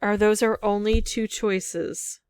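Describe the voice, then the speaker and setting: A woman's voice: medium pitch, little pitch movement, slow pace, darkish tone, clean tone, no echo, studio quality. A woman thinking aloud as she works through a word game, musing over guesses in casual commentary. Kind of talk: casual solo gameplay commentary.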